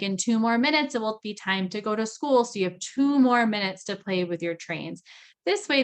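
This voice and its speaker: A woman's voice: medium pitch, fairly bright tone. Conversational woman giving a parenting lesson. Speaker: parenting trainer. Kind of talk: recorded training lecture.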